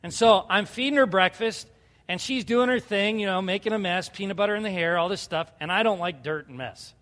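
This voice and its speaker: A man's voice: high voice, brisk, fairly bright tone. A man in his thirties preaching a sermon as pastor, earnest and conversational, building to fervent appeals. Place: church sanctuary. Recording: reverberant hall.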